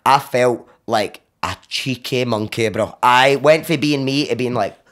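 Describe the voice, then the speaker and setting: A man with a Glaswegian accent, a podcast guest, telling a story with animated comic energy, swearing freely, laughing often and acting out the voices of the people in it. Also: mid-range voice, measured pace.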